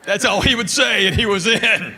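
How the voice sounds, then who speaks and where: Bright-voiced stand-up comedian, laid-back telling. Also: male voice, high voice, moderate pace, some chatter behind, slight background noise. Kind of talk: stand-up storytelling.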